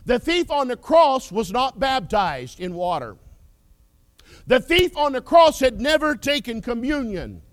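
A male preacher delivering an impassioned sermon, swinging from loud declarations to hushed whispers. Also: very high voice, dry recording, studio quality.

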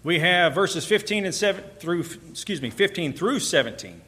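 Male pastor, bright tense tone, slightly high voice, emphatic preaching delivery. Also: expressive, normal speed, slightly rough. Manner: emphatic, building in intensity on repeated phrases. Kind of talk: sermon.

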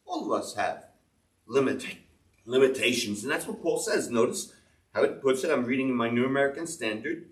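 A man's voice: medium pitch, a bit bright. A man preaching a sermon as a pastor, earnestly explaining scripture and reading verses aloud. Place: church. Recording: echoey church room, mic at a distance.

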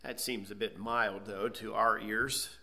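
A man's voice: lowish voice, steady tone, a little slow, sharp tone. A man preaching an expository sermon, teaching emphatically and asking rhetorical questions. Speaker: pastor.

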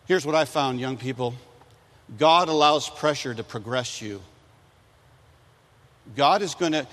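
A man preaching a sermon to young people, animated and telling stories that he acts out in loud voices. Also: medium pitch, normal speed, pauses often, in a large hall.

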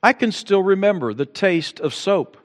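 A man's voice: high voice, animated, normal speed, long reverb tail. A male pastor preaching a sermon, building to emphatic peaks and acting out quotes.

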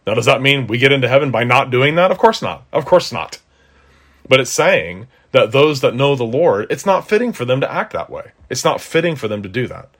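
A man's voice: medium pitch, expressive, a little fast, few pauses, a bit bright. A man preaching an expository sermon, earnest and conversational, with emphatic rises on key points.

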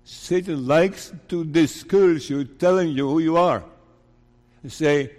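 A male pastor preaches in a slow, measured cadence, leaning hard on key words and posing rhetorical questions. His voice sits a little high for a man. It rings out with the long reverb of a large church hall. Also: a little mellow. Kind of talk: sermon.

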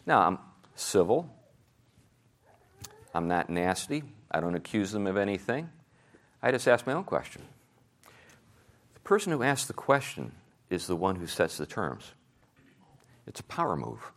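A man teaching a Sunday school class, animated, asking his listeners rhetorical questions and chuckling at his own jokes. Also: deep voice, measured pace, long pauses.

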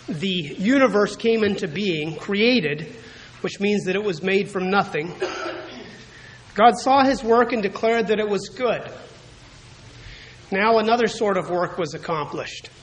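A man preaching a sermon as pastor, speaking in a measured, deliberate way and often clearing his throat. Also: high-pitched, poor audio.

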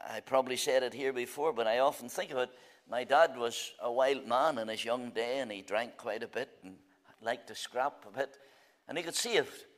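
A man preaching a fervent sermon at a church meeting, swinging between loud declarations and quiet, drawn-out phrases. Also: mid-range voice.

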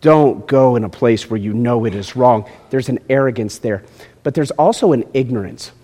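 A man preaching a sermon, moving between quiet asides and loud, emphatic points. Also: normal speed. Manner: animated preaching, swinging from low asides to shouted points. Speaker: pastor. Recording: long hall reverb.

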